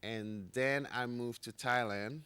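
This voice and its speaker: A man's voice: mid-range voice, slow pace, pushed and bright, clean tone. A man in his forties from the Seychelles with an American accent, a coach chatting easily as a guest and laughing often. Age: 40s. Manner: easygoing, laughs often, talks in short pieces. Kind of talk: casual chat interview.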